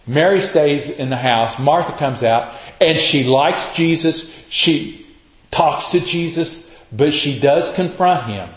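A man preaching in a relaxed, conversational way, acting out scripture scenes as plain dialogue. His voice sounds a little dull and muffled. It carries the echo of a roomy space. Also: mid-range voice. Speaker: pastor. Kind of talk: sermon.

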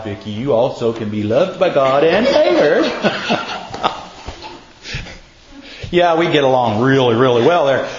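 A man's voice: medium pitch, slight background noise. A man preaching a casual sermon, telling folksy stories and quizzing his listeners. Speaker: pastor. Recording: echoey, muffled room recording.

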